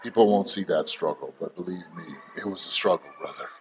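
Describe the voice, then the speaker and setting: A man's voice: low-pitched, a little fast, slight background noise, poor audio. A man, talking bluntly and heatedly as an interview guest and swearing freely. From United States. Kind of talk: candid interview talk.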